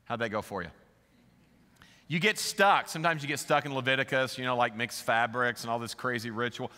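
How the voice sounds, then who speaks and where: A man's voice: medium pitch, brisk, bright, forceful tone. A middle-aged male pastor preaching a sermon in a casual, conversational way, full of rhetorical questions. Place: large church hall. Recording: long hall reverb.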